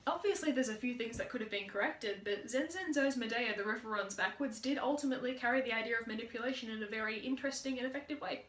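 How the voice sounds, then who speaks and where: Aussie woman presenting a drama assignment, quick upbeat talk, echoey room. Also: on the high side, a little hiss or hum. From Australia. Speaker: drama student.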